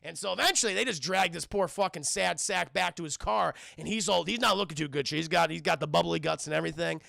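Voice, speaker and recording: A man's voice: fairly high pitch, fast, creaky, bright, forceful tone, no room sound, studio quality. A man recapping a cartoon episode on a live stream, rambling and cursing while he talks to the chat. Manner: rambling, profane, addressing chat.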